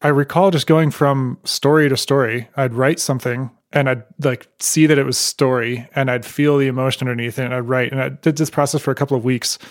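A man with an average-pitched voice talks on a podcast. He speaks thoughtfully and at a measured pace while he reflects. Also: fairly even intonation. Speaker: podcast co-host. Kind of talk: casual podcast conversation.

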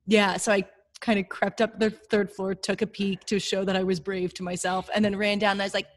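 A woman chatting as a podcast guest, telling a story with lively acted-out quotes. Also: mid-range voice, a little fast. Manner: animated storyteller, acts out her own quotes. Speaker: speaker on CBD for women. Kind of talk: casual chat.

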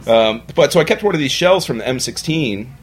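A young adult man on a podcast, telling stories in a casual, animated way and acting out other people's lines. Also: mid-range voice, a little fast, a little hiss or hum. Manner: animated storyteller, acts out quoted voices. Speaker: bar owner, podcast guest. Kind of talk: casual storytelling chat. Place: podcast studio.

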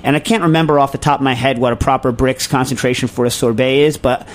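A man's voice: medium pitch, steady tone, quick pace. An American man hosting a casual advice podcast, rambling and joking as he restarts his sentences. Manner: rambling, self-interrupting, jokey. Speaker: podcast host.

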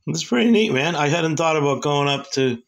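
A male host with a gravelly, slightly high voice runs the conversation. He asks eager questions and trips over the first words as he starts them. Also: animated, a little fast. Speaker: host, event organizer. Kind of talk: casual interview talk.

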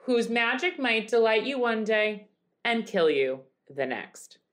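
A woman's voice: fairly high pitch, big pitch swings, slow, fairly bright tone. A tired woman in her thirties co-hosting a podcast, chatting casually with lots of swearing and "like" fillers. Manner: laid-back, swears often, lots of "like" fillers. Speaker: podcast co-host. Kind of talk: casual chat.

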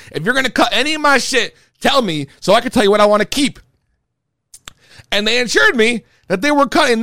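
A man's voice: high-pitched, bright, forceful tone, no room sound, studio quality. A young man casually telling a heated, profane story about a show that went wrong. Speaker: performing rapper telling a story.

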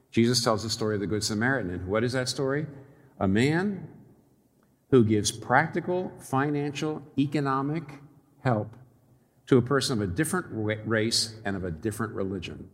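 A male preacher delivers a sermon with a lively, swooping voice that rises and drops sharply for emphasis. He is wry and animated, chuckling at the ironies he points out. His voice rings with a long reverb, as in a large church hall. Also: mid-range voice, moderate pace. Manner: animated, wry, laughing at his own irony.

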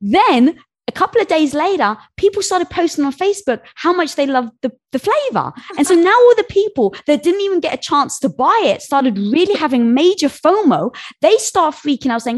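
Animated woman telling a business story. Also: high-pitched, moderate pace. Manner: animated, acts out voices in anecdotes. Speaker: guest, business founder. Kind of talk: casual storytelling.

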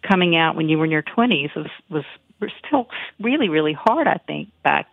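A woman in her fifties from the American South, a memoir author speaking as a guest in a reflective, halting way with many restarts. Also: low-pitched, expressive, gravelly, dry recording. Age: 50s. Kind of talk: casual interview conversation. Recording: tinny phone-like line, dry.

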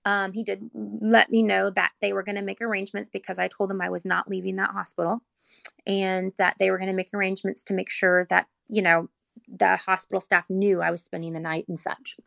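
A woman recounts a frightening family memory in a heavily creaky, gravelly voice. Her telling is earnest and rambling, thick with "like," and she is on the edge of tears. The sound is dry and close, with no room around it. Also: mid-range voice, level tone, a little fast, a bit bright, no echo. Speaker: mother telling her son's hospital story. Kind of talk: personal storytelling, casual.

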